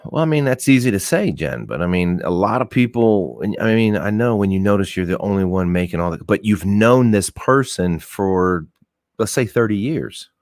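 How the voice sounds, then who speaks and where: Casting note: male stream host, very deep voice, loose rambling chat, dry close headset sound. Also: lively intonation, moderate pace, a little mellow, dry recording. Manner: loose, rambling, laughs often, swears casually. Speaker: livestream host. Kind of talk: casual livestream chat.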